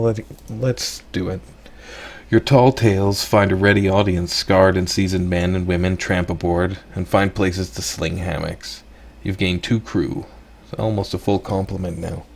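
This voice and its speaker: A man hosting a let's play, casually reading game text and thinking aloud with relaxed asides. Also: low voice, gravelly.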